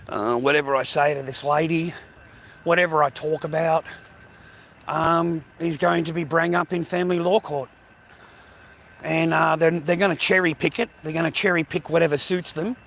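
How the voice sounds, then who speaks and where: A gravelly-voiced livestreamer rants angrily at his chat, swearing constantly and repeating phrases as he berates his viewers. When threatening, he goes low and quiet.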